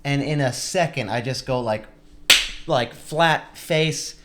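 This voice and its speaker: A young man co-hosting a casual podcast, recounting a mishap between bursts of laughter. His voice sits in a middle register, and he tells the story with lively energy. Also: mid-range voice, slow pace, noisy background. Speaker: podcast co-host.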